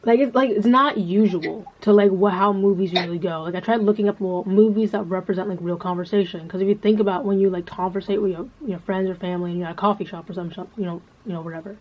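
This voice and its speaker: A woman's voice: mid-range voice, steady tone, quick pace, hardly any pauses. A woman talking in a casual, rambling monologue, swearing freely and filling her speech with filler words. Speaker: vlogger. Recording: dull lo-fi sound with faint background noise.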